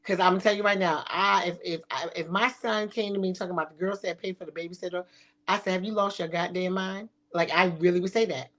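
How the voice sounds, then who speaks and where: A woman's voice: lowish voice, steady tone, fast, a bit bright. A middle-aged woman hosting a talk show, speaking bluntly and sassily with frequent swearing. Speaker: podcast host. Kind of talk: provocative casual talk.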